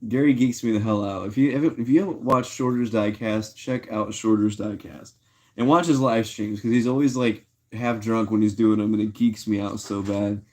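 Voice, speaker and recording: A man's voice: on the low side, fairly even intonation, normal speed, darkish tone. A man chatting casually on a livestream, slangy and laid-back, talking to his chat. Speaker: live streamer.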